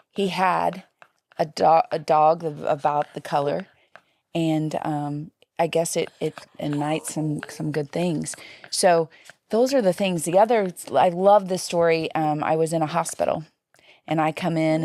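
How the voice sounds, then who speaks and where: A woman in a casual interview who tells stories in a lively way and acts out the people she quotes. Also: sits low, dry recording, studio quality.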